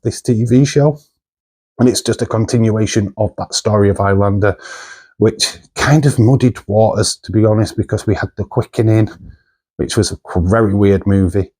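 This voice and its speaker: A man's voice: on the low side, dark tone. A man from the UK, hosting a movie channel in a loose, rambling chat full of fillers and asides.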